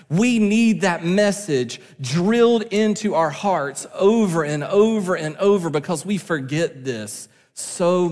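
The high-pitched voice of a pastor rings out with a long reverb tail as he preaches a sermon from the pulpit of a church sanctuary. He's earnest and keeps building toward emphatic peaks.

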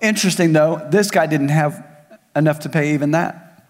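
A male pastor preaching a sermon, swinging between raised emphasis and soft, hushed asides. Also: on the high side, normal speed. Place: large church hall. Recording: long hall reverb.

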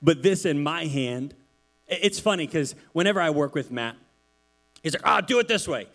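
A pastor gives a casual sermon in church, chatty and animated, telling stories packed with asides. His voice sits on the high side, and he speaks at a moderate pace.

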